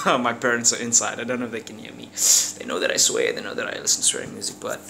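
A young man from South Africa with a South African accent, telling a profane, animated story in a casual vlog at home. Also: medium pitch, fast talker, gravelly, slight background noise. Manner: animated, profane, slangy, acts out characters with sound effects. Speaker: vlogger. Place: room at home.

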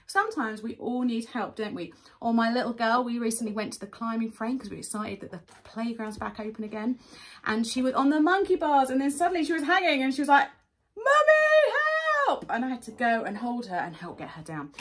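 A woman in her thirties leading a children's worship session, telling a Bible story in an animated way, with gasps and acted-out voices. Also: a little high, fast talker.

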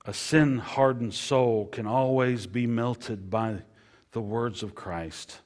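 A male pastor delivers a sermon in a mid-range voice at a slow pace, repeating phrases and alternating between loud emphasis and hushed lines.

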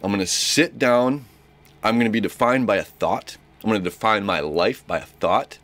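A man's voice: lowish voice, moderate pace, fairly bright tone. A young man giving a casual, rambling horoscope talk as an astrologer, repeating himself and acting out little dialogues.

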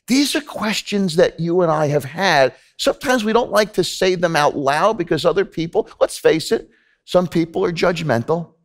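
A man's voice: a little high, big pitch swings, normal speed. A man preaching a sermon in a church, talking earnestly and conversationally to the congregation, often repeating himself. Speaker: pastor. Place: church sanctuary.

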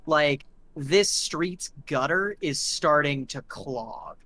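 A man's voice: on the high side, lively intonation, takes it slowly, pushed and bright. A man narrating as game master, setting gory scenes vividly with many fillers.

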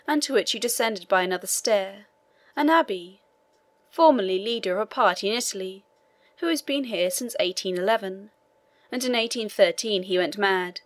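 A man's voice: high-pitched, a bit bright, dry recording. A woman reading the part of an obliging man, a prison governor, who explains matters deferentially, in an audiobook.

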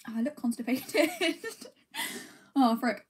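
Pitched on the high side, she takes her time as she talks. The young woman is a streamer eating ice cream on a casual livestream, reading comments aloud and responding in a giggly, rambling, self-deprecating manner.

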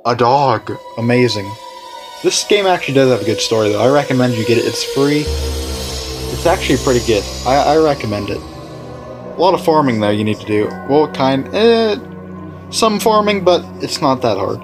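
A man hosting a let's play, rambling and correcting himself as he plays, with excitable outbursts. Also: mid-range voice, normal speed, music in the background. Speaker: gaming channel host.

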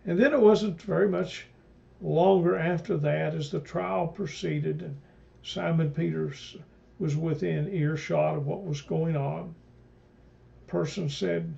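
A pastor leading a mid-week Bible study, retelling scripture in a halting way with many fillers and restarts. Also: male voice, on the high side, steady tone, creaky, mellow. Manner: retells scripture, quoting speakers in old-fashioned phrasing. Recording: dull lo-fi recording.

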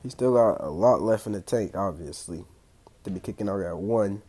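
Young man, excitable slangy gameplay commentary, congested throat, trash talk. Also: on the low side, normal speed, slightly rough. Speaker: gaming channel host.

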